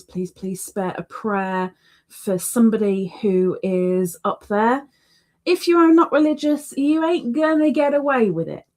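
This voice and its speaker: A woman's voice: mid-range voice, darkish tone. A woman hosting a casual livestream, chatty and repeating words for emphasis. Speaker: livestream host.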